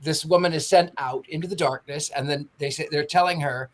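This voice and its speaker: An animated woman spins a story for a panel of friends. She slips into the voices of the people she quotes and keeps the telling lively. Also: low voice, brisk. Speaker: podcast panelist telling an anecdote. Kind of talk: casual storytelling chat.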